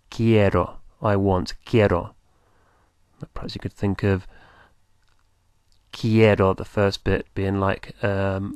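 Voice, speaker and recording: A man's voice: fairly low pitch, clean tone, no room sound. A man teaching a beginner language lesson, patiently repeating and spelling out words.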